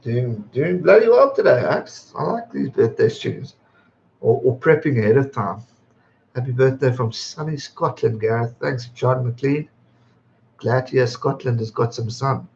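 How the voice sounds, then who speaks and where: A man's voice: mid-range voice, expressive, unhurried, creaky, darkish tone. A man in his twenties from England, hosting his birthday livestream, chatting casually, reading out viewer comments, laughing often and swearing freely. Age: 20s. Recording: slightly dull lo-fi stream audio.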